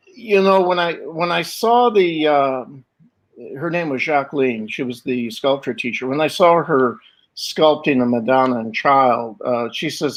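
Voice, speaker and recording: An older man being interviewed, telling stories in a lively way, acting out the voices of the people in them and laughing often. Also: mid-range voice, a little slow, low-quality recording. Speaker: guest artist. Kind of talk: conversational interview storytelling.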